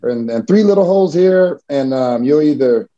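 A man's voice: mid-range voice, lively intonation, normal speed, dark tone, dull audio, close to an everyday voice. A man quoting a friendly, upbeat male doctor in a raised, eager voice while telling a story.

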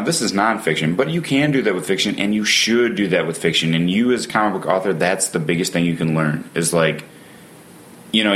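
A man with a notably low voice hosts a casual podcast conversation about a book. He talks enthusiastically, with lively asides as he makes his points. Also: slight background noise.

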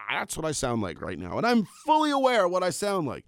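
A man's voice: fairly high pitch, wildly swooping pitch, a little fast, a bit bright, dry recording, studio quality. A middle-aged man hosting his own podcast, ranting in a casual, rambling way with self-aware asides. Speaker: podcast host. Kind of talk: casual solo podcast rant.

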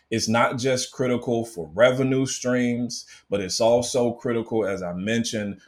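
A man as a guest, giving a measured, businesslike analysis in an interview. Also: fairly low pitch.

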